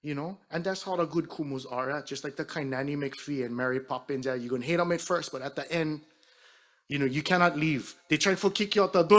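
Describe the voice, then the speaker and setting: A man's voice: fairly high pitch, normal speed. Chatty middle-aged Hawaiian man. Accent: Hawaiian Pidgin-tinged English. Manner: chatty, animated storyteller who acts out quotes. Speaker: singer and entertainer. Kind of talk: storytelling to an audience between songs.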